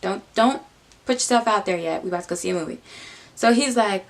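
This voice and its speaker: A young woman telling a casual personal story, animated, dropping into low muttered asides. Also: fairly quick, creaky. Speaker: vlogger.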